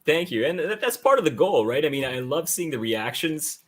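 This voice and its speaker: A man's voice: on the high side, sing-song, a little fast, fairly bright tone. A man guesting on a casual podcast, speaking modestly and reflectively. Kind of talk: casual chat.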